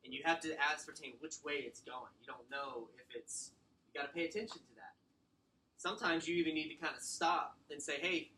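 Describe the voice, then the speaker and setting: A man giving a casual sales training talk, animated and acting out client exchanges. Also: on the high side, a little fast, a little hiss or hum, rough recording. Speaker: real estate sales trainer.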